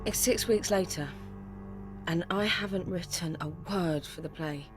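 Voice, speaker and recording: An actress voicing a young woman narrator, raw and confessional, in a radio play. Her voice sits fairly low in pitch, over faint music. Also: unhurried, lightly acted. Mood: weary. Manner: intense, breathless, confessional. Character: young woman playwright, anxious, grieving and bitter. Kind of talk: dramatic first-person narration.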